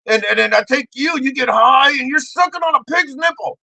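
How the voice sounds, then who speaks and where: A man voicing a rowdy, foul-mouthed loudmouth who shouts crude mocking rants at his buddy. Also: very high voice, fairly quick, vocal fry, no echo, voice pushed up, exaggerated voice, rough recording. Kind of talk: comedic character sketch.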